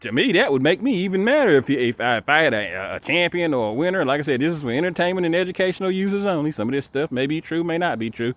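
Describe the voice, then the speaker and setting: A man's voice: on the high side, big pitch swings, quick pace, hardly any pauses, a bit bright. A man giving a casual ranting monologue to camera, emphatic and repetitive, stumbling over repeated words. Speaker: dog breeder vlogger.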